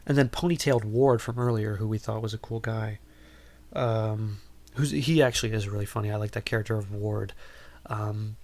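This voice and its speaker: A man's voice: fairly low pitch, fairly even intonation, normal speed, a little mellow. A man hosting a podcast, recapping a film in a casual, rambling way with lots of ums and wry asides. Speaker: podcast host.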